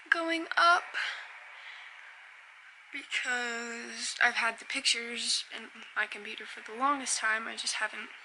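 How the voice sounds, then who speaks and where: A woman's voice: on the high side, background noise. A woman in her twenties, a young mother chatting casually to camera in a home vlog, sometimes slipping into sing-song baby talk. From United States. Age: 20s. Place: home indoors.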